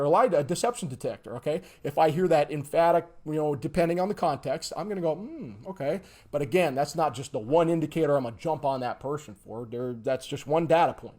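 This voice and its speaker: Speaking fast with hardly a pause, a man with a fairly high voice teaches a lesson over livestream. The instructor is emphatic and animated, acting out examples and asking "okay?" or "all right?" after nearly every point.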